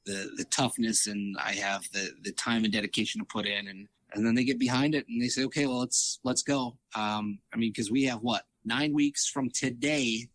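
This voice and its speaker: A man's voice: medium pitch, fairly even intonation, normal speed, few pauses, fairly bright tone, no echo. A man, a triathlete guest in a casual interview, telling stories animatedly, acting out quoted dialogue with lots of fillers and restarts.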